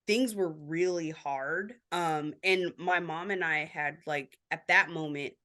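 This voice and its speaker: Candid woman with a lower voice telling her story. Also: takes it slowly, sharp tone. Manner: many filler likes. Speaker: podcast guest. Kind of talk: casual interview chat.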